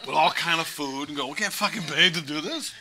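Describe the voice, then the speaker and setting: A man's voice: on the high side, brisk, pushed and bright, slight background noise, poor audio. A middle-aged man, a guest actor, telling profane, joking stories in a casual interview. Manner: profane, joking anecdotes with put-on voices.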